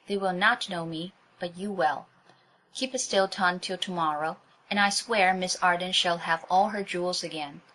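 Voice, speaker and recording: A gallant masked highwayman speaks with easy command and a mocking charm, put on by a woman reading a storybook aloud. He is a bold rogue but gentle at heart. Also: close to an everyday voice, low-quality recording. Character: dashing gallant male highwayman, bold and teasing.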